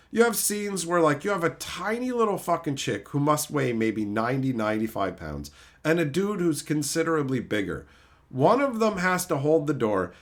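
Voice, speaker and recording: Guy ranting on stream, voice jumping all over, cussing a lot. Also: on the high side. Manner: profane, animated ranting with mocking put-on voices. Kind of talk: casual chat.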